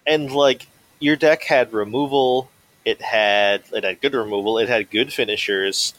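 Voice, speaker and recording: A man's voice: mid-range voice, measured pace, fairly bright tone, rough recording. A young man co-hosting a casual podcast, with dry, joking remarks. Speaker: podcast co-host. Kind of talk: casual chat.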